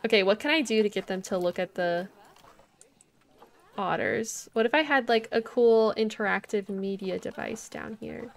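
A woman's voice: medium pitch, steady tone, moderate pace, vocal fry. A young woman livestreaming a zoo-building game, chatting casually, thinking aloud and greeting viewers in chat. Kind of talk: casual gameplay commentary.

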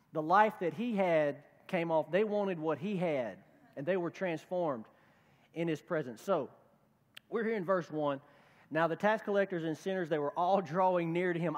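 Guy pastor preaching casual-style, kinda high voice, big echoey church sound. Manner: conversational preaching, acts out quoted voices. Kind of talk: sermon. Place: church sanctuary.

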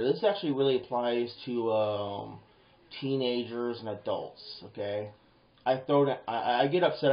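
A man giving advice in a casual monologue, animated and rambling, breaking into quoted voices and swearing now and then. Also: mid-range voice. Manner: animated, acts out quoted lines in bursts, swears; rambling with restarts and fillers. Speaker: vlogger. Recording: roomy, dull lo-fi home video.

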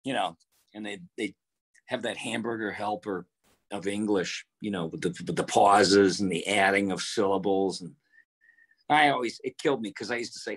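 An older man, a voice actor, answering interview questions over a video call in a relaxed, anecdotal way. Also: on the low side, normal speed, slightly rough. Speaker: voice actor guest.

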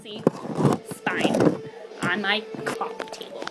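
A young woman chatting casually to her camera in her apartment, excitable and bubbly, with casual swearing. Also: mid-range voice, unhurried, over music. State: hyper and spazzy. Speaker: vlogger. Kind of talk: casual vlog chat. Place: apartment living room. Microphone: handheld camera.

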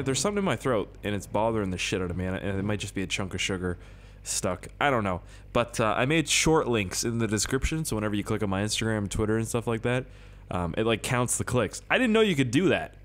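A young man hosting a casual gameplay video, rambling, swearing a lot and jumping from high excited yelps to low mutters. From Canada. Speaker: gaming video host.

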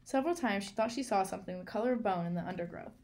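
A woman reading a children's novel aloud in a clear, measured storytelling manner. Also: mid-range voice, a little mellow, a little hiss or hum. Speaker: reader.

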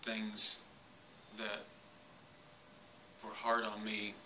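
A man's voice: fairly low pitch, monotone, very slow, pushed and bright, a little hiss or hum. A man earnestly addressing his late mother during an EVP recording, apologizing and pleading for a response. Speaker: paranormal investigator.

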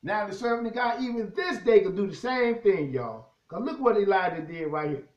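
A man's voice: high-pitched, moderate pace, echoey room, highs cut off. A man preaching a sermon, reading scripture aloud and talking straight to his listeners. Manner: animated preaching, reads scripture aloud, keeps addressing the crowd as "y'all".

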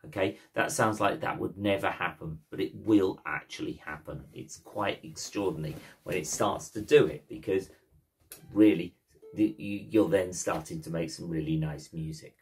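A man's voice: low-pitched, moderate pace, faint music behind. A man teaching ukulele in a cheeky, playful, jokey way, talking the class through chords and strumming. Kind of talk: casual instructional talk.

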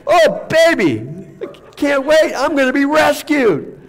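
A pastor playing the apostle Paul as an older man giddy about dying and going to heaven, whooping with excitement. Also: high voice, slow pace, breathy edge, exaggerated voice. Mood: gleeful.

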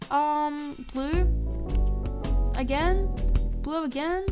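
A woman's voice: high voice, moderate pace, long pauses, over music. A young woman streaming a game, chatting casually with her viewers and swearing freely. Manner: chatty, swears often, talks to chat. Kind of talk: casual live-stream chat while gaming.

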